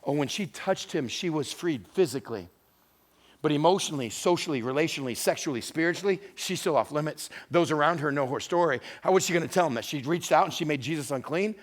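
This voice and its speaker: A male pastor with a voice on the high side preaches at a quick pace, dramatically retelling scripture stories and acting out the voices of its figures. He shifts between hushed, intimate moments and loud, emphatic ones.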